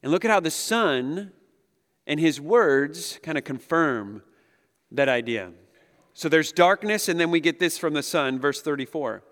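A man in his thirties, a pastor giving a conversational, animated sermon and chuckling often as he speaks to the room. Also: fairly high pitch, measured pace. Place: large hall with an audience. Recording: long echo of a big hall.

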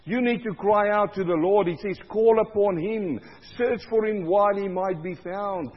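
High-voiced husky preacher in a hall. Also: male voice, normal speed, highs cut off. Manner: swings between loud cries and low, quiet stretches. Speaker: pastor. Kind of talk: sermon.

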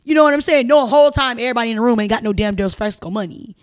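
A woman with a Chicago accent, a guest on a casual interview podcast, telling stories in an animated, emphatic way. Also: a little high, very fast. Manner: animated, emphatic storyteller who slips into mimicked voices.

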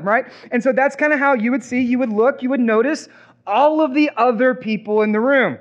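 A man preaching a sermon as pastor, animated and acting out imagined reactions. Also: very high-pitched, a little fast, muffled recording.

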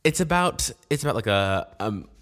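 A young man with a fairly low, slightly bright voice co-hosts a casual podcast at a moderate pace, his pitch swinging widely. His chat rambles and jokes along, packed with filler words.

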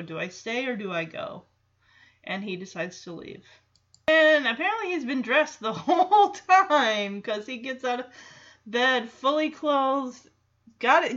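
A woman's voice: mid-range voice, fairly bright tone. A woman chatting casually through a film reaction, with many fillers and asides, in a lo-fi recording.

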